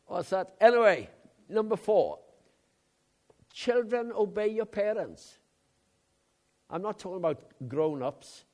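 A man preaching a sermon, telling personal stories in a chatty way with loud emphatic bursts. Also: sits high, very animated, takes it slowly, pauses often.

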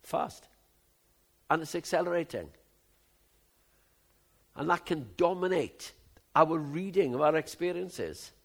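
A man in his seventies preaching a sermon, moving from low musing to loud, emphatic outbursts. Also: expressive, takes it slowly, gravelly, pauses often. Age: 70s.

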